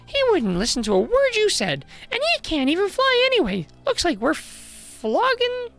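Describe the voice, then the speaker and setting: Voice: huge pitch swings, normal speed, soft background music, exaggerated voice. A streamer voicing a cheeky little fairy who chatters in heavy slang. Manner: chirpy, slang-heavy, high and bright.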